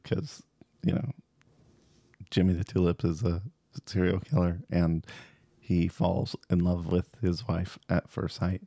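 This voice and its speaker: A man's voice: low voice, unhurried, gravelly, pauses often, warm tone, no room sound. A man co-hosting a casual movie review chat, rambling and hesitant with many fillers and restarts. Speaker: podcast co-host.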